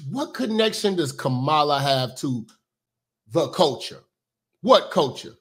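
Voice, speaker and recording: Man host, high and lively voice, blunt profane rants, casual commentary. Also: unhurried. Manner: blunt, profane, animated ranting.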